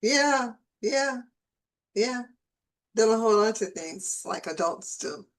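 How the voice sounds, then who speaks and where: A woman's voice: on the high side, animated, slow, rough recording. A woman hosting an interview show, talking casually and often repeating words as she gathers her thoughts. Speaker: host.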